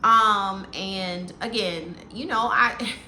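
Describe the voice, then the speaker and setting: A woman's voice: mid-range voice, slow pace, sharp tone. A woman giving a casual, opinionated recap of a reality show, talking bluntly and with animation. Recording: echoey room with faint noise.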